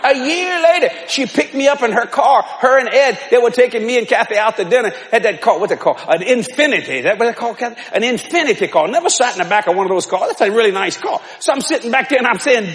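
High-voiced older preacher, church echo. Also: male voice, big pitch swings, fast talker, few pauses. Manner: folksy storytelling, rising to shouts. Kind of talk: sermon. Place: large church hall with congregation. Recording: reverberant church hall with crowd.

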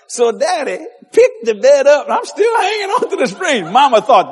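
A man's voice: very high-pitched, huge pitch swings, moderate pace, hardly any pauses, husky, raised voice. A man with a Cajun accent, preaching humorously through childhood stories and laughing as he tells them.

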